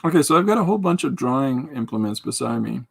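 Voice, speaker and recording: A man's voice: medium pitch, animated, fast talker, vocal fry, husky. A man hosting a podcast stream, chatting casually and rambling with jokes while he draws and answers viewer comments. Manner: rambling, jokey, reads out and answers chat comments. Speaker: podcast host. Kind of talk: casual livestream chat while drawing.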